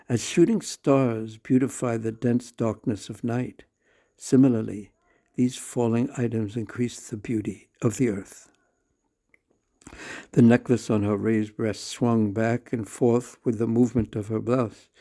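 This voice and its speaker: A man reading a devotional story aloud at a measured pace, with slow pauses and the odd self-correction. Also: mid-range voice, dark tone.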